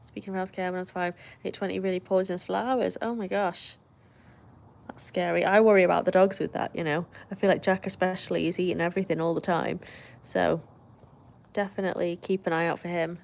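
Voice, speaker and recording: A woman's voice: fairly low pitch, fairly even intonation, a little fast, gravelly. A British woman hosting a livestream, chatting casually and reading out viewer comments with frequent laughs. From Britain. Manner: chatty, laughs often, friendly asides. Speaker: livestream host.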